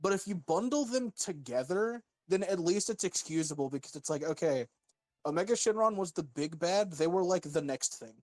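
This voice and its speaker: Argumentative man, higher voice, dry. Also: animated, moderate pace, darkish tone, no room sound. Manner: argumentative, rambling with fillers. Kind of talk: casual gaming chat.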